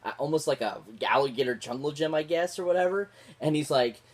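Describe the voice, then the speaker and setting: A man's voice: on the high side, lively intonation, fairly quick. Gushing male movie reviewer. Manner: gushing, repeats favourite words; rambling with fillers and restarts. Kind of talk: casual spoken film review.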